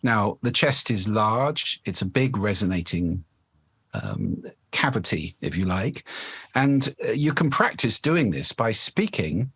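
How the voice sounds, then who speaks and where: A man's voice: lowish voice, big pitch swings, slow pace, fairly bright tone, slightly rough, dry recording. A male speaking coach being interviewed on a podcast, explaining things in a demonstrative way and shifting his resonance to show how it changes the voice.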